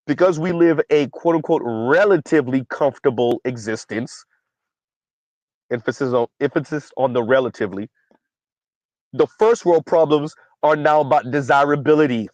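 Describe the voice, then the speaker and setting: A man's voice: mid-range voice, a little mellow, dry recording, dull audio. A man hosting a casual commentary stream who reads viewer comments aloud, keeps asking "right?", and has a dry cough. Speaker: commentary channel host.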